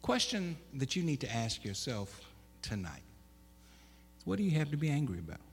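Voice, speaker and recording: A man preaching a sermon, with loud emphatic bursts, stammered restarts and questions to the congregation. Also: mid-range voice, huge pitch swings, moderate pace, vocal fry, breathy edge, soft background music. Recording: echoey hall.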